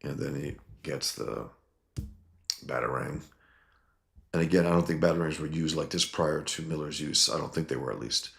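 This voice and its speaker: A man's voice: a bass voice, fairly quick, vocal fry, fairly bright tone. A man reviewing a comic book in casual video chat, blunt and opinionated, with lots of ums.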